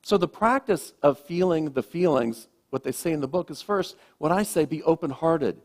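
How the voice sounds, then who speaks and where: A man, a minister, giving a gentle, reflective sermon with slow, emphatic pauses, speaking to a congregation in a church. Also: a little high, lively intonation. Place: church sanctuary.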